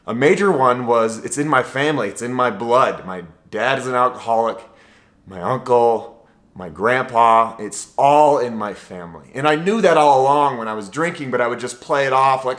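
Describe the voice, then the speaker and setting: A man's voice: mid-range voice, a bit bright. Earnest man sharing a candid monologue. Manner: earnest, heartfelt, casual with fillers. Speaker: vlogger. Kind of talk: candid personal monologue to camera. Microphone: self-recorded camera.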